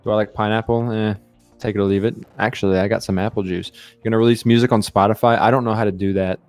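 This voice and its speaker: This is an excitable young man hosting a live game stream. He chats fast and loosely, jumping between the game and his viewers. There is faint music under his voice. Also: on the low side. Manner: excitable, chatty, greets viewers rapidly. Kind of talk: casual live-stream chat.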